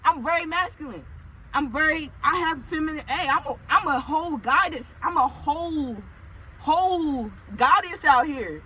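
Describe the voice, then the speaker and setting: A woman telling a casual storytime, animated and emphatic, often checking in with her listeners. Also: high-pitched, moderate pace, low-quality recording.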